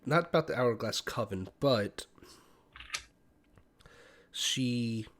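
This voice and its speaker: A man in a middle pitch narrates a tabletop role-playing scene as game master. His delivery is casual and unpolished, stringing details together on the fly. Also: takes it slowly, a bit bright. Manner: casual, many fillers and restarts while describing.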